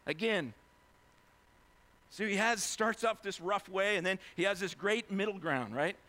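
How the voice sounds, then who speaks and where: A man preaching a sermon as a pastor, animated and conversational, acting out scenes in casual voices. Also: sits high, a little slow. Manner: animated, acts out biblical figures in casual voices.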